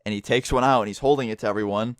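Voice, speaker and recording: Young guy ranting a storytime vlog, swears a lot, talks fast, dry close sound. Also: fairly low pitch, fairly even intonation, no echo. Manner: casual, swears a lot, exasperated. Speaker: vlogger.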